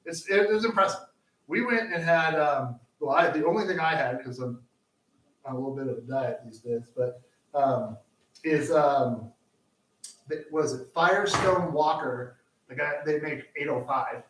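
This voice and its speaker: A man co-hosting a home cooking show, rambling through stories with plenty of restarts as he cooks. His voice sits a little high and lands from a short distance away. The room rings, with a faint hiss underneath. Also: measured pace, a bit bright. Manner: rambling, full of fillers and restarts. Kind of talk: casual chat while cooking. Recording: roomy, distant mic, faint noise.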